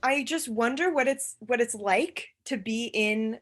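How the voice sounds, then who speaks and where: A woman's voice: a little high, a little slow. Young woman guest, hesitant speech. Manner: hesitant, lots of fillers and restarts. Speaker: podcast guest. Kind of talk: casual chat.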